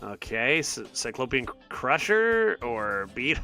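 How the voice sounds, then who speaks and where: In this clip a card-game streamer speaks unhurriedly in a sing-song, gravelly, medium-pitched voice that sounds pushed and bright. Soft music plays as he sarcastically, exasperatedly mulls his moves and addresses chat.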